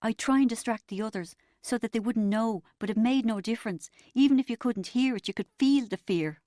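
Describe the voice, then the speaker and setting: A woman's voice: a little high, a little fast, dark tone, no echo, studio quality, voice pushed up, natural voice. Woman reading as an anguished man in denial. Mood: pained. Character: distraught abusive man in rehab.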